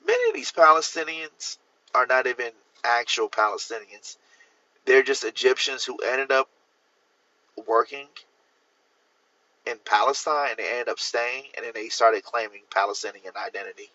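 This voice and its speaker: A man's voice: medium pitch, very animated, normal speed, sharp tone, dry recording, lo-fi sound. A man hosting a livestream, giving blunt, opinionated views and talking straight to his viewers. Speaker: livestream host. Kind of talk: casual livestream talk.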